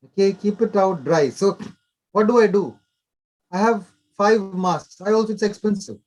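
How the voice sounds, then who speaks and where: Older male doctor, high voice. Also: normal speed, a little mellow. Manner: instructive, short repeated directives. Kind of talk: explanatory interview talk.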